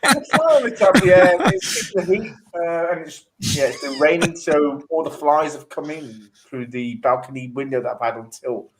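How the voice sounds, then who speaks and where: A man's voice: on the high side, lively intonation, normal speed, rough recording. A man competing in a casual online quiz from his home over a video call, joking and rambling in asides. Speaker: quiz contestant. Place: home room with a balcony window.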